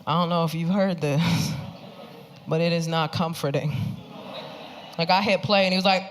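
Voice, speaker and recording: A woman from the South Bronx with a New York accent, performing a lively stand-up comedy set. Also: fairly low pitch, normal speed, pauses often. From South Bronx, New York City. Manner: animated, punchy, laughing through her lines. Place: comedy club stage. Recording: loud live audience noise.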